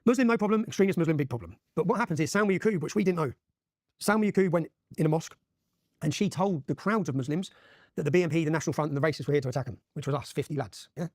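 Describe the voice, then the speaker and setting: A man in his forties with an English accent. As an interview guest he tells his story urgently and emphatically, often checking in with a quick "yeah?". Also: a little high, dry recording, studio quality. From England. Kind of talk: impassioned storytelling in a podcast interview.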